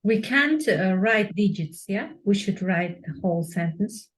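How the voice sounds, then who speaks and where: Slow-speaking female English student. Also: mid-range voice, animated, breathy edge. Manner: asks short questions and checks understanding. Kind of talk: one-on-one lesson.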